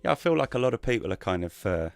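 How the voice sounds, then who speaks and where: A man with a relaxed, rambling way of talking, chatting casually as a guest on a live stream over a call mic. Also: medium pitch, quick pace, gravelly, no room sound, faint music behind. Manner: relaxed, rambling, many fillers and restarts.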